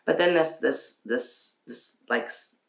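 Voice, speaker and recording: A woman's voice: very deep voice, takes it slowly, vocal fry. A woman hosting a casual parenting talk, chatty, with frequent laughs and many fillers. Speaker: podcast host. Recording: roomy echo.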